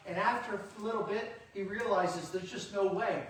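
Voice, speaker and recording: A man's voice: sits high, normal speed, fairly bright tone, slight background noise. A male pastor preaching a sermon in a conversational, storytelling way in a church sanctuary. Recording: echoey church hall, distant mic.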